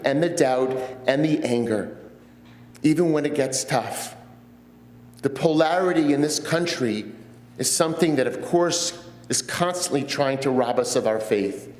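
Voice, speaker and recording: Earnest rabbi preaching in an echoey church. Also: male voice, a little high, a little mellow. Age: 50s. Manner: storytelling, earnest, with pauses. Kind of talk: sermon. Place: church sanctuary.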